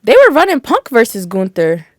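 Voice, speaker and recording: A woman's voice: a little high, wildly swooping pitch, moderate pace, no room sound. A woman co-hosting a podcast in casual wrestling chat. She talks in a dry, teasing, matter-of-fact way. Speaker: podcast co-host.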